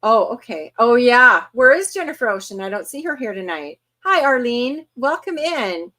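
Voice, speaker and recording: A woman in her fifties hosting a casual livestream, chatty and quick to laugh as she greets viewers one by one. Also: a little high, sing-song, sharp tone. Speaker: host.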